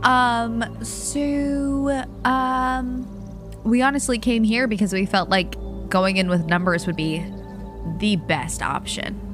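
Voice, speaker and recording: A woman playing a tabletop role-playing game, speaking in character in a measured way with fillers. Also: mid-range voice, over music. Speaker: player.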